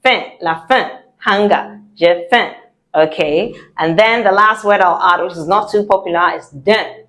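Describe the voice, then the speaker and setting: A woman giving a French pronunciation lesson, saying words slowly and repeating them, with small laughs now and then. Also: mid-range voice, fairly bright tone. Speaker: French teacher.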